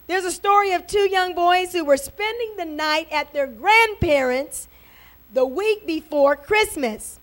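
A woman pastor preaches to her congregation with a high voice and fervent delivery, pausing again and again for an amen or a praise God. Soft music plays faintly behind her at the church service. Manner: fervent, punctuated with repeated amens and praises. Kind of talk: sermon.

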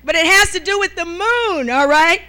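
High, bright-voiced woman preaching. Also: normal speed. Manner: lively preaching, calls of amen and hallelujah, asks "all right?". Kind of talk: sermon.

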